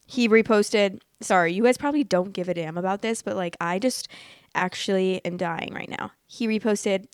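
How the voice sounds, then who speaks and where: A woman in her late twenties hosting a podcast, chatting casually and reading posts aloud in a candid, excitable way, swearing freely. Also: mid-range voice, normal speed, no echo, clean studio sound. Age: late 20s. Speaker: podcast host reading Reddit stories.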